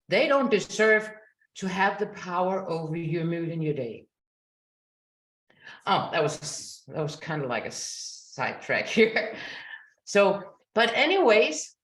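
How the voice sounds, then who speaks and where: A woman in her forties, a coach giving a motivational talk, telling her story earnestly and acting out what people said. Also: on the high side. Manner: earnest, storytelling, animated quotes. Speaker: coach and speaker. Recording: roomy echo.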